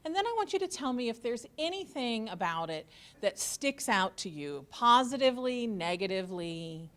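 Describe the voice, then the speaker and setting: A woman's voice: fairly high pitch, big pitch swings, moderate pace, a bit bright. A woman college instructor giving an orientation talk to students, joking and sarcastic as she goes.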